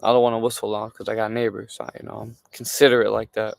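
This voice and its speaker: A man's voice: fairly low pitch, level tone, quick pace, vocal fry, a little hiss or hum. A man doing a smug, lazy office boss.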